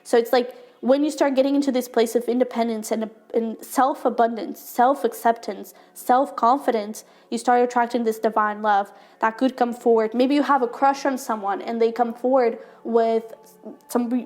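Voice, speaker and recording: A woman giving a casual tarot reading to her viewers, excited and fast-talking, warm and encouraging, with many fillers. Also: on the high side. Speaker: tarot reader.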